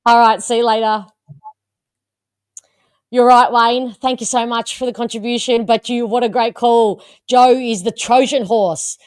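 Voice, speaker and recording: A woman's voice: on the high side, fairly even intonation, measured pace, clear, resonant tone, dry recording, clean studio sound. A woman hosting a live fan reaction show, chatty and teasing, laughing often with her guests. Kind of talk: live-stream casual chat.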